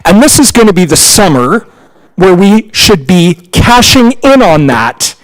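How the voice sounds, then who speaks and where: A man's voice: high-pitched, very animated, measured pace, low-quality recording. Impassioned male councillor with a raised voice. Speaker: town councillor. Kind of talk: council meeting speech.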